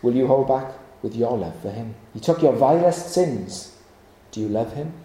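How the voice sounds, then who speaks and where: A male preacher delivers an evening sermon, pleading with his hearers through repeated rhetorical questions. His voice is very dark and mellow. The sound carries the ring of an echoey hall. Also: mid-range voice, lively intonation, moderate pace. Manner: earnest, pleading rhetorical questions with many repetitions.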